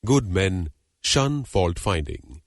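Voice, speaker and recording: A man reading the part of a proud, wronged young woman, a hermit's daughter, in an audiobook legend, with measured, formal, dignified delivery. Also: deep voice, sing-song, dry recording, studio quality, exaggerated voice. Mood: reproachful.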